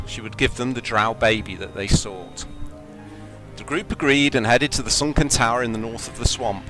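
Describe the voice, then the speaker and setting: A man acting as game master, telling the story of a tabletop game with measured narration and relaxed rules talk over a home microphone. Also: medium pitch, low-quality recording.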